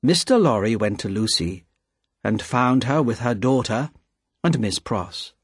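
A man reading a novel aloud as an audiobook narrator, measured and expressive, on a close studio mic. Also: medium pitch, husky, no room sound. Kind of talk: scripted narration.

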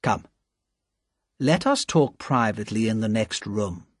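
A man reading aloud, voicing a calm, measured Englishman who speaks smoothly and quietly firm. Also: on the low side, no room sound, studio quality.

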